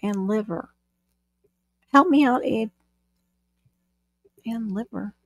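A woman's voice: a little high, takes it slowly, no echo. A woman co-hosting a casual live stream, chatting, reading out viewer comments and laughing often.

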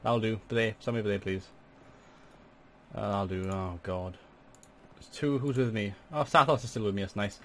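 A young man giving chatty let's play commentary as a gaming channel host, swearing in sudden excited outbursts at a desk microphone. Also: on the low side, moderate pace, long pauses, slight background noise.

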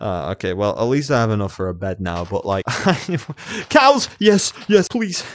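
A man in his room at home, narrating his own gameplay as he plays. He talks to himself in quick bursts, laughs often, and jumps from muttering to excited yelps. There is a physical, on-the-move energy to his talk. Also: lowish voice. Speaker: gamer. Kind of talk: let's play commentary.

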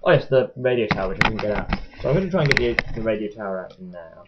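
A man's voice: fairly low pitch, animated, fast talker, very noisy. Young man, chatty and jokey, rambling unboxing vlog, muffled webcam audio. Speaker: vlogger unboxing a toy boat. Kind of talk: casual unboxing commentary. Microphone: webcam mic.

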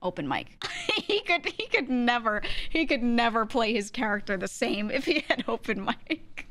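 A young woman streamer chatting casually with her audience, her voice sitting a little high. She talks in loose, filler-filled runs and breaks into laughter often. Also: very animated, unhurried, fairly bright tone.

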